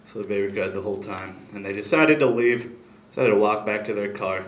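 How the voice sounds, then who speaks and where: A man doing a stand-up comedy set, rambling with deadpan asides into a handheld mic on a small club stage. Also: lowish voice, fairly quick, reverberant, lo-fi sound.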